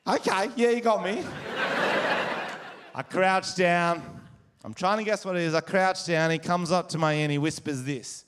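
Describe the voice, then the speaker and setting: An Australian man doing stand-up comedy, telling crude, animated stories on stage. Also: sits high, unhurried, long pauses, clear, resonant tone. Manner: crude, animated storytelling with crowd laughter. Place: live comedy venue with audience. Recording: live stage recording with crowd. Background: audience laughter.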